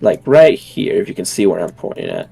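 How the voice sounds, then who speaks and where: A young man as game master narrating a scene, halting and full of fillers. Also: deep voice, huge pitch swings, gravelly, mellow, slightly rough, soft background music. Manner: hesitant, many fillers and restarts.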